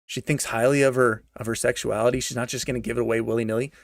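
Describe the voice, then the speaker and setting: With vocal fry and a level tone, a young man talks fast at a medium pitch, ranting casually and sarcastically about a movie in slangy language and repeating lines for emphasis. It's a dry, studio-quality recording.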